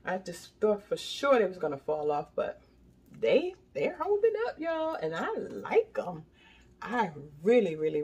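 An older woman reviewing products in a loose, chatty way, addressing her viewers directly and circling back over her points. Her voice is husky, and her pitch rises and falls a lot. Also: a little mellow. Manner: chatty, repeats herself, keeps addressing viewers as y'all. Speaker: beauty product vlogger. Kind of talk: casual product review chat.

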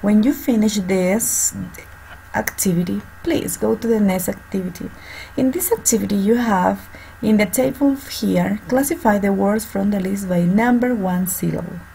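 Teacher lady, gravelly voice, slow careful explaining, faint hiss behind. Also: medium pitch, a little mellow, poor audio. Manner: slow, repeats and spells out words for students. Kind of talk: online class instruction. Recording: faint background noise.

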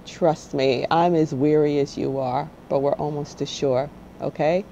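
Talking to the camera on her spiritual channel, this woman guides viewers in a casual, blunt, no-nonsense way, often adding "okay?". Her deep, warm voice is steady and a bit slow, with the highs cut off and slight background noise.

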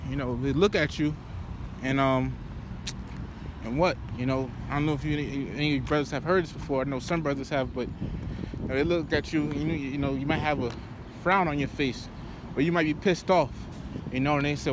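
A man preaching while walking outdoors, rambling and profane, padding his talk with "you know" and "man". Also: a little high. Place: outdoors by a road. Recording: street traffic noise behind.

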